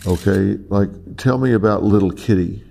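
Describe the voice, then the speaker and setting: Low, gravelly male interviewer. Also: moderate pace. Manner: calm, probing, repeats answers back. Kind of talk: probing interview questions.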